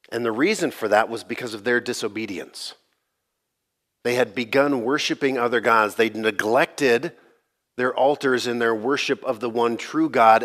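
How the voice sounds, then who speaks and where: A pastor gives a sermon in a relaxed, joking, conversational style. His medium-pitched voice is a bit bright and slightly gravelly because of allergies.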